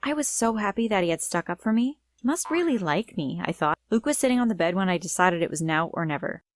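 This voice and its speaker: A woman's voice: on the low side, lively intonation, fast, a little hiss or hum. A young woman giving a dramatic first-person storytime narration. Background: faint music.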